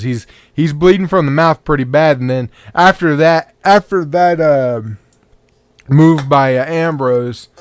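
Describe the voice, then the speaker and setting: A sleepy man talks through a match in a casual, rambling way, cursing here and there. His voice is smooth and clear, and he speaks unhurriedly. The recording is dry and close, with no room sound. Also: mid-range voice, dry recording. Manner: rambling, laid-back, swears casually. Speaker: podcast host. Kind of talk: casual match breakdown commentary.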